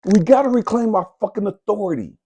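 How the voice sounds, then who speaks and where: Gravelly, fiercely scolding man. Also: sits high, expressive, fast, a little mellow. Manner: fierce, profane, preacher-like scolding. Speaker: spiritual coach and mentor. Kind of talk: impassioned motivational monologue.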